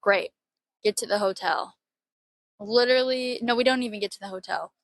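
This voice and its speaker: A young woman from Florida telling a travel story in a casual, animated, heavily profane way. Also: mid-range voice, normal speed, no room sound. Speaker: podcast host.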